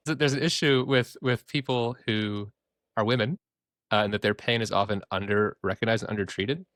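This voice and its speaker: A man who works as a therapist, hosting a casual podcast and talking in an animated, joking way. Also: lowish voice, normal speed, no echo, clean studio sound. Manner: animated, joking, acts out quoted voices.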